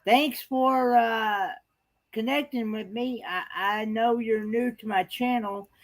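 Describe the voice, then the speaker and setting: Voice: medium pitch, takes it slowly. A live-stream host chatting casually, greeting viewers by name with many hesitant fillers.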